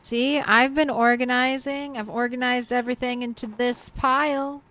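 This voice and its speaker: A woman's voice: on the high side, steady tone, normal speed, a bit bright. A woman streamer in casual live-stream chat, talking straight to her viewers. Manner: chatty, talks straight to chat.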